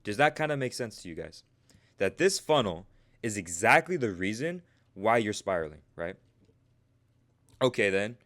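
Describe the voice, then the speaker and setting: A man's voice: lowish voice, very animated, normal speed, long pauses, fairly bright tone. A man coaching traders on a live stream in a casual, talkative way, checking in with viewers after almost every sentence and addressing people in the chat by name. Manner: casual, repeats "right?" after nearly every point.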